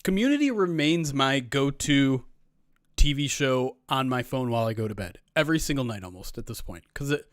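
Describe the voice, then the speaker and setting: A man hosting a live stream in relaxed chat, rambling from one thing to the next and restarting sentences as he reads comments. His voice sits at an ordinary middle pitch. The sound is dry and close, as from a desk microphone at home. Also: moderate pace, smooth, dry recording. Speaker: streamer host.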